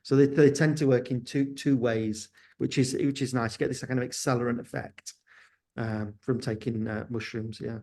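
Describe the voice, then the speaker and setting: A man's voice: medium pitch, steady tone, moderate pace, a little mellow. A sounding man answering interview questions, hesitant and candid, often restarting his sentences. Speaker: guest, company founder.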